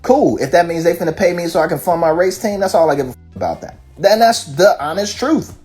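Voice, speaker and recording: A rapper ranting casually, profane and fired up, firing off rhetorical questions. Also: male voice, a little high, expressive, a little fast, darkish tone, faint music behind. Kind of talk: casual rant.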